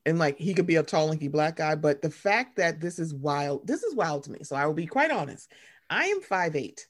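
A young woman co-hosts a podcast in casual conversation, rambling, reading a story aloud, and doing high-pitched impressions of her mother. Her delivery is sing-song and brisk.

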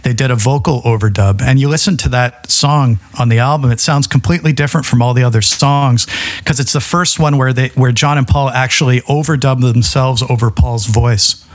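A man's voice: medium pitch, fairly quick. A man, a music historian guest, explaining recording history in an enthusiastic, knowledgeable way. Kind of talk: casual chat.

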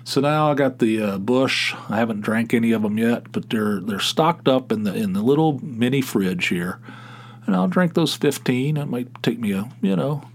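A man's voice: mid-range voice, lively intonation, normal speed. Rambling profane middle-aged man. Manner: rambling, stammering restarts, profane. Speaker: podcast host. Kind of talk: casual solo podcast monologue.

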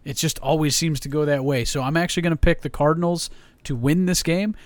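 A man's voice: on the high side, fairly even intonation, brisk, dry recording. A man co-hosting a sports podcast, talking casually, swearing and joking a lot. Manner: profane, joking. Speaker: podcast co-host.

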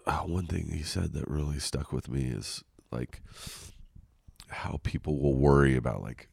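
A man with a very deep voice talks through a head cold, his nose plainly stuffed up. He rambles casually and swears freely, like a solo podcast host lounging on his couch. The sound is dry and close. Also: a little slow, gravelly, darkish tone, breathy edge, no room sound. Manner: rambling, profane, self-deprecating. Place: lying on his couch at home.

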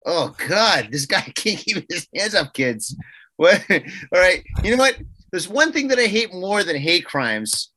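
Bright, lively man, giggly co-host. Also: high voice, no echo. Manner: giggly, animated, quick to laugh. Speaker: podcast co-host. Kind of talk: casual podcast chat.

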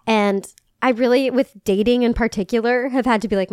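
A woman's voice: fairly high pitch, steady tone, fairly quick, hardly any pauses, darkish tone, clean tone, no echo, clean studio sound. A young woman co-hosting a podcast, chatting casually, laughing often and saying "like" a lot. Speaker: podcast co-host. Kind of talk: casual chat.

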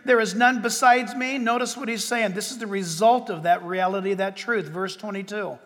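A man preaching a sermon as pastor, emphatic, with dramatic pauses and sudden bursts of force. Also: sits high, fairly bright tone, big-room sound.

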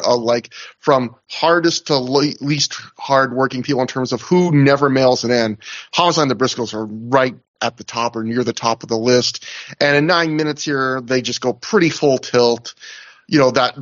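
A man hosting a casual podcast chat, talking in animated runs with frequent laughs, fillers and restarts. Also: medium pitch. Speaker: podcast host. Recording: slightly dull lo-fi audio.

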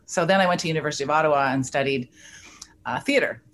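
A woman in her sixties from Canada, a guest telling lively stories and acting out the dialogue. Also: deep voice, quick pace. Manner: animated storyteller who acts out quoted dialogue. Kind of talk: casual storytelling interview.

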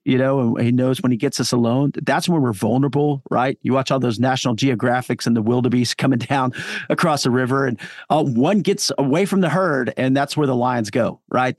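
A man's voice: medium pitch, no room sound, studio quality. A man speaking as a pastor guest on a podcast interview, talking in an earnest, encouraging, sermon-like way with frequent fillers.

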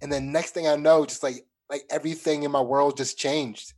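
Slightly high voiced dude rambling, says like a lot. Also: male voice, fairly even intonation, a little fast, darkish tone. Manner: rambling, lots of "like" fillers. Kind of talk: casual chat.

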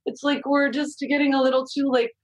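A woman in her forties chatting candidly on a podcast, telling lively parenting stories and swearing freely. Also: sits high, a little fast, dry recording, rough recording. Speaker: guest consultant. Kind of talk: casual podcast chat.

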